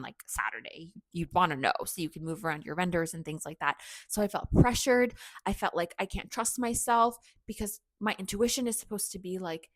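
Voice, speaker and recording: A woman's voice: mid-range voice, dry recording, clean studio sound. A young woman hosting a podcast, telling a personal story in a candid, chatty way, full of "like" and self-mocking asides. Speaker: podcast host.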